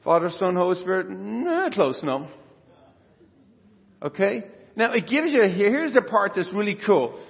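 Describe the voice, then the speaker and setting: A man preaching as a priest in a homily to children at their First Communion, lively and conversational, quizzing them with questions. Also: sits high. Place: church. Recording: dull, reverberant church sound.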